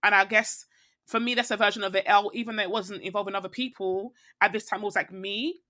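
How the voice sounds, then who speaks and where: A woman's voice: mid-range voice, fairly even intonation, fast, sharp tone. A woman chatting candidly as a podcast guest, rambling and reflective, with plenty of fillers and restarts. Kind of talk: casual conversation.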